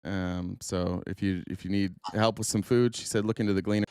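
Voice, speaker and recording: A man's voice: sits low, fairly even intonation, a little fast, a little mellow, clear, resonant tone, no echo, studio quality. A man hosting a podcast, taking callers in casual chat with loose, profane jokes and frequent laughter.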